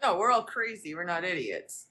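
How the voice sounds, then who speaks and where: A woman co-hosting a casual podcast, wry and unhurried. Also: lowish voice, very animated, bright, forceful tone, breathy edge. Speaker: podcast co-host.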